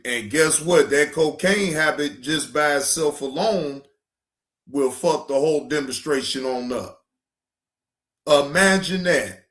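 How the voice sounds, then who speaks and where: A man talks through a reaction commentary at a slow, drawn-out pace, his voice bright and a little high. He teases and mocks, breaking into laughter often. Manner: mocking, laughs often, drawls. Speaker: reaction channel host.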